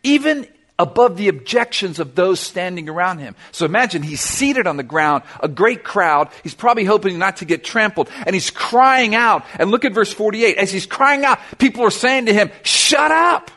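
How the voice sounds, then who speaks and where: A pastor preaching an earnest sermon, retelling scripture dramatically and asking the church direct questions. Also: male voice, high voice, expressive, moderate pace, fairly bright tone.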